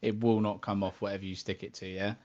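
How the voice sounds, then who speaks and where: A man on a podcast, telling a hobby story in a casual, animated way and tossing in "mate" and "yeah?". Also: fairly low pitch, quick pace, highs cut off. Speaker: podcast co-host. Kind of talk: casual chat.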